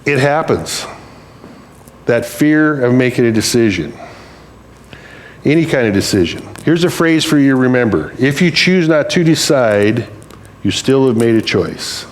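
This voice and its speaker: An older preacher delivers a sermon in church, telling stories in a plain-spoken, conversational way. His mid-range voice is expressive and a little slow, with long pauses.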